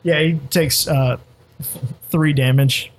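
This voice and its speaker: A man's voice: on the high side, fairly even intonation, slow. A man joking around as a player in a tabletop game. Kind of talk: casual tabletop play.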